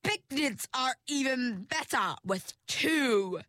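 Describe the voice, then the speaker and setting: Woman voicing a villain mermaid: slow, gloating, mock-sweet menace, high-ish voice. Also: lively intonation, bright, forceful tone, no echo, full character voice. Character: malevolent female villain mermaid, gloating and cruel.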